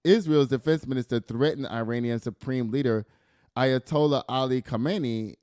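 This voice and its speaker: A man hosts a loose news commentary show, reading headlines and then riffing on them with laughter and the odd curse. His voice sits at an ordinary middle pitch. The sound is dry and close, with no room around it. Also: normal speed, clear, resonant tone, dry recording. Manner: animated, laughing, swearing, reads news aloud then riffs. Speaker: podcast host.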